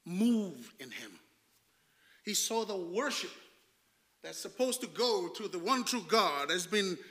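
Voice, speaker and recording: A man preaching a storytelling sermon as a pastor, emphatic, swinging from hushed to loud and asking rhetorical questions. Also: high-pitched.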